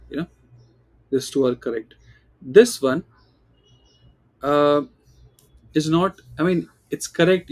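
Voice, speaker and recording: A man's voice: medium pitch, darkish tone. A man teaching German, explaining step by step and often checking in with "right?", repeating example phrases in different tones. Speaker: German tutor. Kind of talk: online language lesson.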